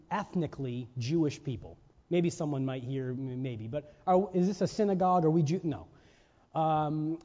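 A man's voice: sits high, dark tone. A man preaching a sermon, full of rhetorical questions and checks like "right?", stressing single words for emphasis. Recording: reverberant hall, dull lo-fi sound.

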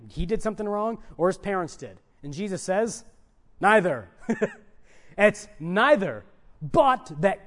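Male preacher, high voice, emphatic sermon delivery with loud peaks and soft drops. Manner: emphatic, rises loud on key points, then drops to soft asides.

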